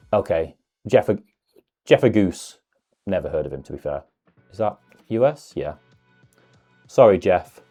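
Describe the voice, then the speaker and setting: A man talks casually through an unboxing, his voice sitting fairly low. He muses aloud with self-deprecating asides as he goes. Soft music plays faintly underneath. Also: muffled recording. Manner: chatty, musing asides with self-deprecating humour. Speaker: card-opening video host.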